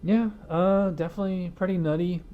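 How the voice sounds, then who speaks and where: A man's voice: high voice, fairly even intonation, a little fast, narrow, tinny audio. A man casually reviewing a beer in a home studio, rambling with lots of fillers and restarts and chuckling at his own jokes. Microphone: wireless lapel mic hidden behind a studio mic.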